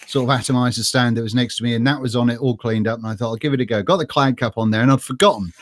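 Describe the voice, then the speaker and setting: A man's voice: medium pitch, rapid-fire, a little hiss or hum. A man hosting a casual interview, chatty and rambling with many fillers. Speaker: host.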